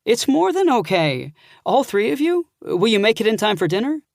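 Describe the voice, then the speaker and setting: A man's voice: sits high, measured pace, creaky, dry recording, clean studio sound, pitched above the performer's own voice, heavily acted. A man voicing an affectionate middle-aged aunt thrilled to hear from her nephew. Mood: doting. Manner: excited and doting.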